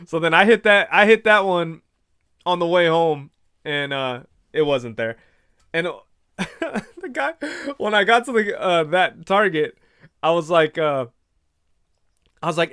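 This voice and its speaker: Male livestream host, fairly high, smooth and dry-sounding, loose rambling chat. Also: animated, measured pace, pauses often, fairly bright tone, no echo. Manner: rambling storyteller, retells conversations in quoted voices. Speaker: livestream host reading viewer comments. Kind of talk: casual chat.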